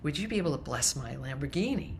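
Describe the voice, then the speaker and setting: A woman's voice: low voice, lively intonation, fast, creaky, a little hiss or hum. A woman telling a joke as a sermon opener, voicing a sheepish man asking clergy to bless his new car, with hesitant, stammering politeness. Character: eager man, a new sports car owner.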